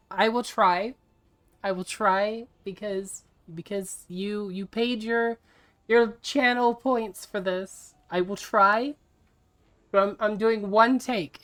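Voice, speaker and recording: While playing a video game on stream, a woman talks casually with her audience, teasing them in an exasperated way and breaking into laughter readily. Her pitch is medium and her tone a little bright.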